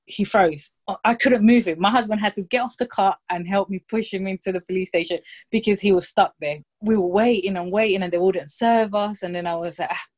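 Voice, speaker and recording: A woman in her thirties telling a story in casual chat, lively and anecdotal, slipping into quoted voices for the people in it. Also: mid-range voice, brisk. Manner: lively anecdotal storytelling, quoting others in brief put-on voices.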